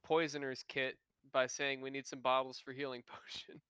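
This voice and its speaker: A man's voice: mid-range voice, little pitch movement, moderate pace, a bit bright, smooth, dry recording. A man player chatting casually, making dry remarks. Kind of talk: casual chat.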